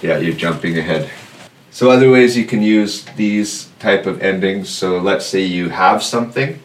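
A language teacher with a very low voice runs a classroom lesson, patiently repeating words slowly so his students can keep up. He sounds far from the mic in an echoey room, with a faint hiss beneath.

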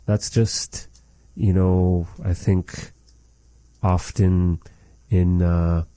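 A man with a low, dark voice gives a language lesson at an unhurried pace. He speaks in a measured way and repeats each phrase so it can be copied. The sound is dry and close. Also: little pitch movement, no echo. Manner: measured, repeats phrases slowly to model them. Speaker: language teacher.

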